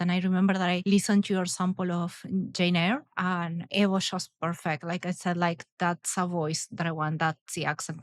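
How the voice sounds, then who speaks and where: A woman's voice: mid-range voice, no echo. A woman with a mid-range voice hosts a casual interview as an author. She speaks thoughtfully, asking questions and offering praise. The recording is close and dry. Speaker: author and host.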